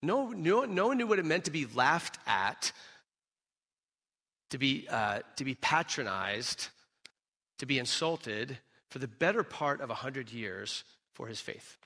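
A man preaching a sermon, telling a scripture story with emphatic, animated delivery and rhetorical questions. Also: mid-range voice, a little slow, long reverb tail. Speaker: pastor.

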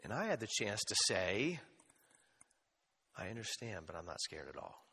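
A man's voice: fairly low pitch, normal speed, creaky, breathy edge. Preaching man in a reverberant hall. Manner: conversational, animated preaching with asides and humor. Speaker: pastor. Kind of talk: sermon.

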